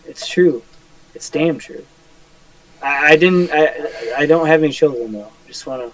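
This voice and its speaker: Young man, playful co-host spinning stories, somewhat high voice. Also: unhurried, no room sound, low-quality recording. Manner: joking storyteller, playful. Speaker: podcast co-host. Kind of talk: casual chat.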